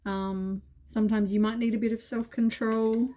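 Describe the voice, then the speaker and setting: A woman's voice: on the high side, little pitch movement, normal speed, warm tone, a little hiss or hum. A woman giving a casual tarot reading, tired and yawning, talking in a meandering way full of fillers and reassurances. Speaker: tarot reader.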